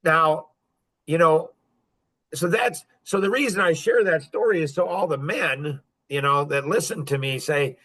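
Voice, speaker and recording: A man's voice: a little high, measured pace, sharp tone. Boastful man telling stories, laughing. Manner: boastful, joking, laughs often. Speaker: podcast guest. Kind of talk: casual storytelling.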